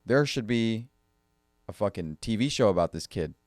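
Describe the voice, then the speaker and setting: A man's voice: lowish voice, expressive, moderate pace, a little mellow, no room sound, clean studio sound. A man in casual chat as a podcast co-host, giving short, laid-back replies and telling his own childhood stories.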